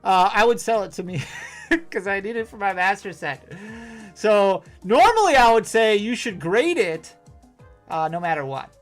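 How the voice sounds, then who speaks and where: A man's voice: high voice, animated, normal speed, soft background music. A man with a Wisconsin accent hosting a live stream, opening card packs and reading out chat, chatty and self-deprecating with frequent laughs. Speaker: host.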